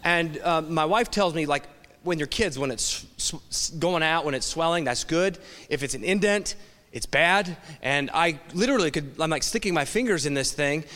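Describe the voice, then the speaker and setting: A man's voice: on the high side, expressive, moderate pace, sharp tone. A middle-aged man, a pastor, telling a wry, self-mocking story in a sermon. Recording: long hall reverb.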